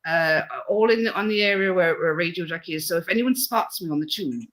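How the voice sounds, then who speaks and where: A woman's voice: fairly low pitch, fairly quick, a bit bright, low-quality recording. A woman, a guest on a radio chat show, giggly and hesitant, often repeating her words as she talks. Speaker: guest fundraiser.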